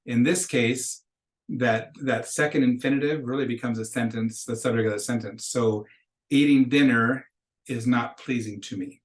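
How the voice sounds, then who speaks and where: A man's voice: mid-range voice, steady tone, moderate pace, poor audio. Patient man teaching Spanish grammar. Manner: patient, explains step by step, models phrases for repetition. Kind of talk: recorded classroom lecture.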